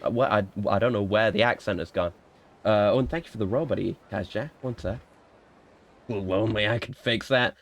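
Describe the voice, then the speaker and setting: A man's voice: lowish voice, brisk. A young man streaming a game, rambling and swearing in a self-mocking, casual commentary.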